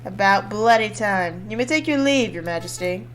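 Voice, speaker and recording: A woman voicing a grumpy, impatient male bird judge, reading game dialogue in a gruff, cranky manner. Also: mid-range voice, animated, soft background music, lightly acted. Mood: irritated. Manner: gruff and cranky, quick to anger.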